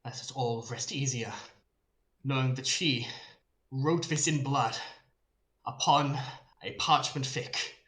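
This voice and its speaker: A man's voice: mid-range voice, a bit bright, echoey room, natural voice, low-quality recording. A man voicing a pompous male herald making a grand, formal proclamation to a crowd.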